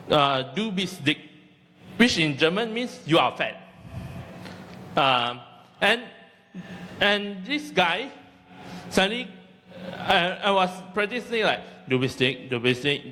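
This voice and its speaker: A young man in his twenties from Malaysia delivers a stand-up set in a high, unhurried voice, stumbling through fillers and restarts. He is recorded in a hall with a long reverb and a faint hum of ambience behind him. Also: sharp tone. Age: 20s. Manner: halting, many fillers and restarts. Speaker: amateur stand-up comic.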